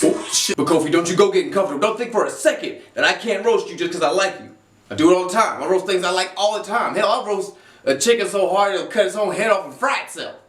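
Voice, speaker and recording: A man doing comedic roast commentary in an animated, profane, mocking way. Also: sits high, fast, roomy sound, far from the mic, soft background music. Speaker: comedy video creator.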